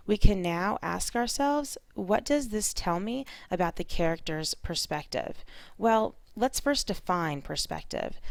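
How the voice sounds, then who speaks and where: A woman teacher walks through a reading lesson in a clear, methodical way. Her voice is low and gravelly, and the recording is close and dry. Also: no echo.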